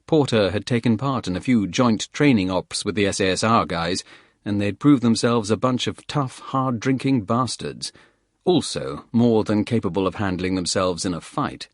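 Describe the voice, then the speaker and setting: A man narrating a thriller audiobook in a steady, plain storytelling manner. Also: fairly low pitch, normal speed, no room sound, studio quality.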